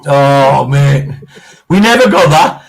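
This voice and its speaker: A man's voice: medium pitch, expressive, slow pace, gravelly. A middle-aged man from England co-hosting a casual chat, telling boisterous stories and swearing freely. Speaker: co-host.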